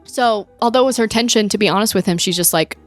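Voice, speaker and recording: A young woman co-hosts a podcast, chatting casually about a movie and retelling scenes with acted-out quotes. Her voice is medium-pitched and fast, the recording is dry, and soft music plays in the background.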